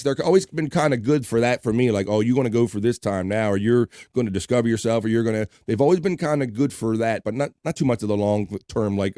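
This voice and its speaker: A man's voice: on the low side, dark tone, dry recording, studio quality. A man hosting a casual livestream show, reading chat aloud, laughing and swearing loosely. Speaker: host.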